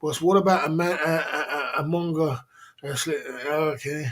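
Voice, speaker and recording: Guy on a livestream, bit higher voice, rambling, laughs a lot, says you know what i mean all the time. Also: a little fast, a little mellow, breathy edge. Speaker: livestream host. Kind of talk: casual livestream chat.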